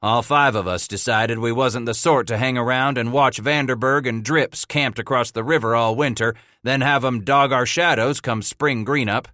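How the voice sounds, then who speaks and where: A man voicing a rough-spoken frontier trapper with a snarling backwoods drawl, in a storybook reading. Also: medium pitch, steady tone, normal speed, few pauses, sharp tone, no room sound, clean studio sound, pitched above the performer's own voice, lightly acted.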